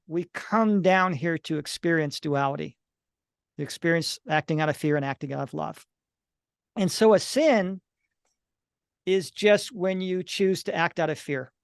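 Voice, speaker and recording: Earnest higher-voiced man explaining. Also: clear, resonant tone, dry recording, studio quality. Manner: earnest, explanatory, acts out little quoted dialogues. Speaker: author and near-death experience analyst, guest. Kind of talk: interview answers, reflective explanation.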